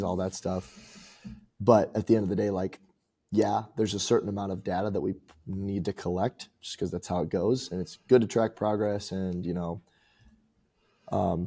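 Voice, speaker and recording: A male coach on a podcast, with a very low voice that barely rises or falls. The tone is dark and mellow with a husky grain. He talks through his ideas calmly and thoughtfully. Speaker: strength coach, podcast co-host. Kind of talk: casual podcast chat.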